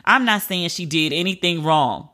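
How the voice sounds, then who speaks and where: Host brief: woman, bright forward tone, candid chatty celebrity-news commentator, emphatic asides. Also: on the low side, animated, normal speed. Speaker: pop culture commentator.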